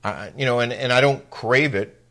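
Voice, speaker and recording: Middle-aged man co-host, average pitch, laid-back and affable. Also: moderate pace, bright, forceful tone. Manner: easygoing, affirming, chuckles often. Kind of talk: casual chat.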